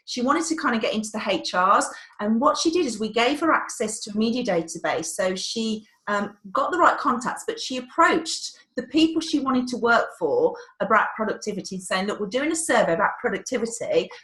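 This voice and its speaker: Woman, webinar host, chatty, slightly high voice, echoey room. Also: animated, normal speed, hardly any pauses, fairly bright tone. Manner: chatty, flustered by the tech. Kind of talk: live webinar talk.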